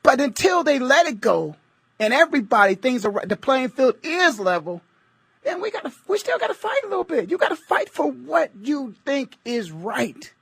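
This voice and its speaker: A man's voice: very high-pitched, sing-song, moderate pace, creaky, fairly bright tone, slightly rough, no echo. A middle-aged man from the United States hosting a radio talk show, speaking in an emphatic, preachy and repetitive way.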